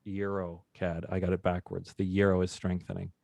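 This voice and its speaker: A man's voice: deep voice, completely flat delivery, moderate pace, gravelly, warm tone, dry recording. A man hosting a live trading session, talking through charts in a chatty, upbeat way and joking with the group. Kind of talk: casual live trading demonstration.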